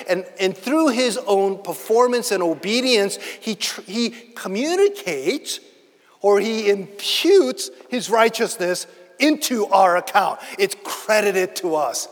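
A middle-aged man preaches in a church sanctuary, his voice a touch higher than most. He swings from loud, emphatic declarations to quiet storytelling asides. A long reverb trails every phrase. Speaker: pastor. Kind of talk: sermon.

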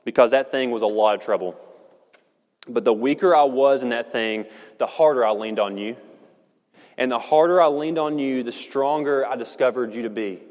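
A man preaching a sermon in a church, earnest and measured, slowing down to stress key words. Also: medium pitch, a little mellow. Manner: earnest, measured, slows for emphasis. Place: church sanctuary. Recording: long hall reverb.

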